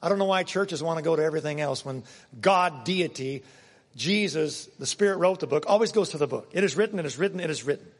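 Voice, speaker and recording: A man preaching a sermon and reading scripture aloud, emphatic, swinging between loud passages and hushed ones. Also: on the high side, quick pace. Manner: dramatic reading of scripture quotes. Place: church. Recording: long reverb of a church hall.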